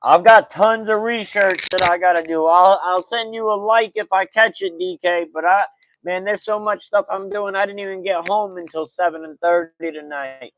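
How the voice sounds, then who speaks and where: A man's voice: high-pitched, steady tone, moderate pace, fairly bright tone, a little hiss or hum, low-quality recording. A man hosting a casual livestream sports talk podcast, chatting loosely in slang and greeting viewers by name. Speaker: podcast host.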